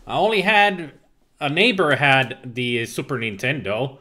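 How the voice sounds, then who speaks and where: This game streamer from Finland, a native Finnish speaker, reads his viewers' chat out loud and responds with frequent laughter and playful exclamations during a casual gaming livestream. He speaks a little slowly, with a medium-pitched voice and a sharp tone.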